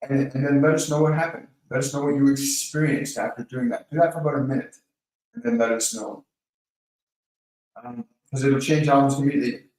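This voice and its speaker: Calm coaching man in an echoey room. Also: medium pitch, brisk, far from the mic. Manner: calm, coaching, speaks directly to viewers by name. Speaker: host of a live Q&A. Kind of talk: live-stream advice and guided breathing.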